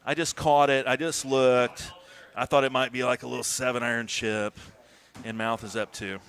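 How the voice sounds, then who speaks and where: A man doing casual live commentary on a golf video game tournament, swearing and breaking into shouts. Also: medium pitch, normal speed. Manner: excitable, swears, bursts into shouts.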